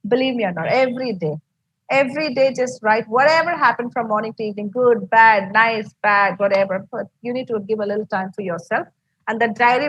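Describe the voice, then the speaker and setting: A woman's voice: fairly high pitch, a bit bright, slightly rough, no echo, rough recording. A woman with an Indian English accent teaching an online English class, encouraging and explaining step by step with many fillers.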